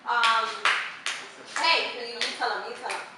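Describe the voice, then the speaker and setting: A woman's voice: on the high side, measured pace. A young woman doing unprepared stand-up at an open mic, rambling and profane, with lots of "like" and giggles. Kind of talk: improvised stand-up comedy. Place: small open mic venue. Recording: echoey room, distant mic, faint noise.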